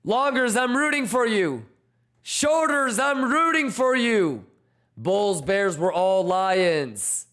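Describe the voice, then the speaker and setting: A man with a high, bright voice running a trading livestream. He talks in an unhurried way, firing off slangy shout-outs to his viewers with loose, hyped energy. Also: animated. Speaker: crypto trading streamer. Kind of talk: casual livestream chat.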